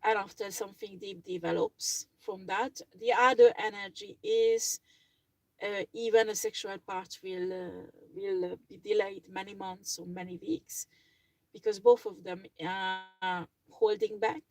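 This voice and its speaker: Gravelly-voiced woman reading tarot cards. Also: mid-range voice, steady tone, measured pace, no echo, low-quality recording. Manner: chatty, blunt, swears freely, many fillers. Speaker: tarot reader.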